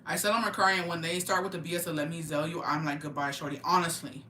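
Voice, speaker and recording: A young woman from Oaxaca, Mexico, chatting casually and profanely with her live-stream viewers in an animated, slangy way. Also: fairly low pitch, quick pace, slight background noise. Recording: roomy, mic at a distance.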